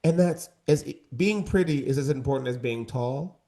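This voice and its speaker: A man co-hosts a casual podcast debate at a mid pitch. He is campy and emphatic, stressing his points with repeated punchlines. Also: normal speed, warm tone. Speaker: co-host.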